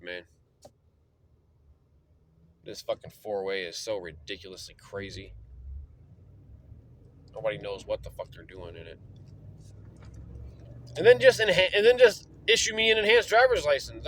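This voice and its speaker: A man's voice: on the low side, expressive, slight background noise, rough recording. A young man ranting angrily and profanely from inside his car. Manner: heated, profane, talks fast and loud. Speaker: vlogger. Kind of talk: angry rant.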